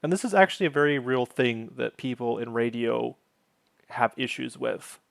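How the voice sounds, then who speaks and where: A man's voice: medium pitch, animated, normal speed, gravelly, dry recording. A man hosting his own channel, casually recapping a sitcom episode, wandering off on tangents and correcting himself as he goes.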